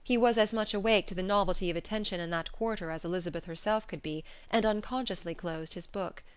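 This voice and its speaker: A woman's voice: mid-range voice, quick pace, clean tone, no echo. Woman reading a classic novel aloud. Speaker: narrator.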